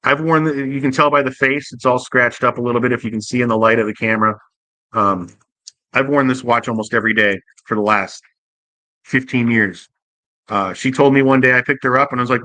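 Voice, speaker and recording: A male podcast host and former cab driver from the Portland area tells stories about his cab-driving years in a loose, profane, casual monologue, restarting often. His voice is medium-pitched, steady and sharp, and fairly quick. There's no echo.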